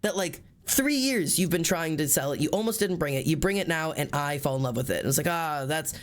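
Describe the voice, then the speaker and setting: Man, slightly high voice, live streamer, casual storytelling, animated, swears a lot. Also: fast. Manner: animated, profane, quotes people in lively put-on voices.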